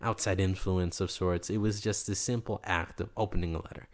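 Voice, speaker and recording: A young man from New York, a guest in an interview, telling a story in an animated way and acting out the people he quotes. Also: deep voice, fairly quick. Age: young adult.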